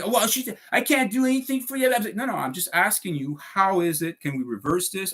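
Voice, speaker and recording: A man's voice: a little high, fairly bright tone. A man ranting to his viewers in a heated monologue, swearing often and repeating himself. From Canada. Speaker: vlogger.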